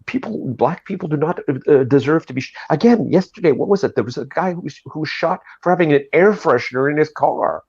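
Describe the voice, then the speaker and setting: A man's voice: on the high side, expressive, a little fast, hardly any pauses, a little mellow, breathy edge, no echo, lo-fi sound. A man hosting a casual video call chat, ranting with sarcasm and mocking voices. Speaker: host.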